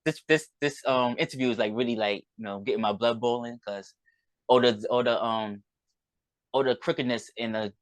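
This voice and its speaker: A man's voice: mid-range voice, normal speed, no room sound. A man, a podcast guest, tells a personal story in rambling conversation, often acting out what others said. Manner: rambling, recounts events with quoted dialogue.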